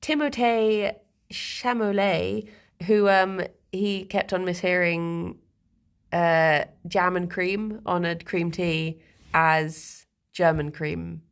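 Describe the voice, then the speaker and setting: Hertfordshire girl streaming, slow easygoing chat, lots of ums n little laughs. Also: on the low side, steady tone, gravelly, clean tone. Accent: Hertfordshire English. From Hertfordshire, England. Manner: rambling, chatty, with frequent ums and laughs. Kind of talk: casual livestream chat.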